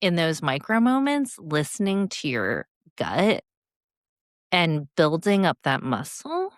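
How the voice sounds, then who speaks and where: A woman in her forties talks slowly and reflectively, like a coach working through a personal story. Her low voice is smooth and clear, and the recording is close and dry with no room sound. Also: wildly swooping pitch, no room sound. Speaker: guest speaker and leadership coach. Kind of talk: podcast interview.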